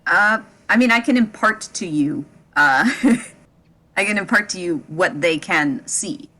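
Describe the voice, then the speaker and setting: A woman's voice: on the low side, animated, measured pace, pushed and bright. A woman narrating a tabletop game as game master, hesitant and breaking into laughter. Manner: hesitant, laughs often between lines.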